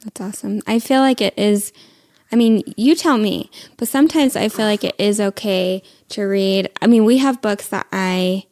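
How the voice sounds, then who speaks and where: A woman's voice: medium pitch, normal speed, darkish tone. A young adult woman hosting a podcast, friendly and curious, asking questions and laughing lightly. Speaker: podcast host. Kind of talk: casual interview chat.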